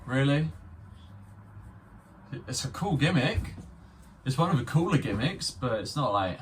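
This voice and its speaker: A man's voice: medium pitch, big pitch swings, measured pace, long pauses, far from the mic, a little hiss or hum. A young man rambling through an unscripted toy review, swearing and poking fun at himself. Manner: rambling, sweary, self-mocking. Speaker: vlogger reviewing a spinning top toy.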